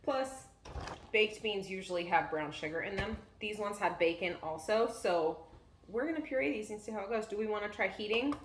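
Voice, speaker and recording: In a brisk, mid-range voice, a cooking show co-host talks casually through a home-kitchen demo, her explanations sprinkled with fillers. The room is echoey, with background noise in the recording.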